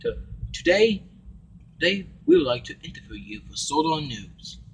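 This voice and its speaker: A man voicing a pushy male news reporter who talks in a brisk, announcing way. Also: fairly high pitch, very animated, vocal fry, a little hiss or hum, voice pushed up, full character voice.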